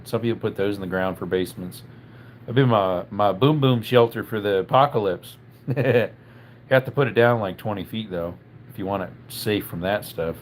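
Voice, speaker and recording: A man's voice: on the low side, a little hiss or hum. A man, a little under the weather with a tickle in his throat, hosting a casual live stream and chatting through viewer comments.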